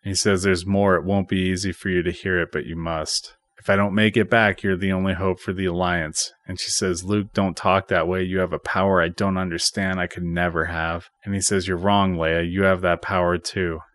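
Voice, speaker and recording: A man with a deep, low voice casually recaps a movie, quoting the dialogue without acting it out. His voice sounds dry and close, with no room echo. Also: normal speed, hardly any pauses. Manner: retells scenes, quoting dialogue flatly. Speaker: podcast host.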